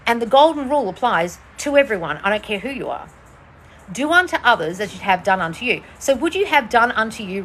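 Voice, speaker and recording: A woman manifestation coach answering viewer questions in a casual livestream, talking bluntly and swearing often while sitting outdoors. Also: fairly bright tone. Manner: blunt, profane, swings between shrill bursts and low mutters.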